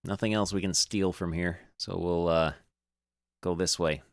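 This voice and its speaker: A man's voice: sits low, fairly even intonation, a little slow, creaky, no room sound, studio quality. A man streaming a video game, reading the on-screen text aloud with jokey, sarcastic asides.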